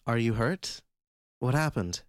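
A man's voice: medium pitch, lively intonation, unhurried, no echo, studio quality, pitched above the performer's own voice, lightly acted. A man voicing an irritated, foul-mouthed teenage girl who has just been woken in the middle of the night, in an audiobook. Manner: sharp, impatient, swearing. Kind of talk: audiobook character voice.

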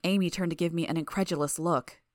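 A woman narrating a first-person fiction audiobook in a steady, even way. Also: on the low side, quick pace, no echo, studio quality.

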